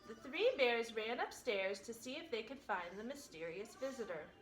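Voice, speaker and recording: A woman teacher reading a picture book aloud with expressive, animated storytelling. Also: fairly high pitch, moderate pace, reverberant, soft background music, rough recording.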